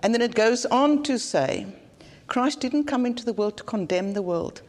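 A woman's voice: a little high, animated, normal speed, hardly any pauses, a little mellow. Earnest South African woman preaching. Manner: earnest, plain-spoken preaching with repetition. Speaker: conference speaker. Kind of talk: sermon.

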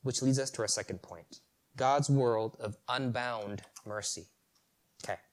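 A man preaching a sermon, animated, asking rhetorical questions and chuckling at the story. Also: mid-range voice, unhurried.

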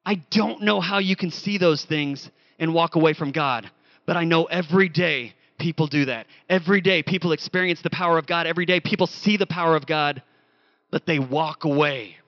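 High, gravelly-voiced man preaching. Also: a little fast, dry recording, highs cut off. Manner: animated storytelling, acts out quoted voices. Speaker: pastor. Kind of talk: sermon.

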